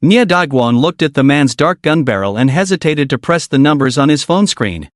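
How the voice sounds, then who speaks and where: A man narrating a story recap in a brisk storytelling manner. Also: on the high side, expressive, no echo, clean studio sound.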